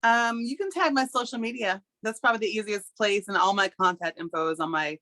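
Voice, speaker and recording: A woman's voice: mid-range voice, a little fast, sharp tone, low-quality recording. A woman chatting as a guest on a show, joking along with the host. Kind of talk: casual chat.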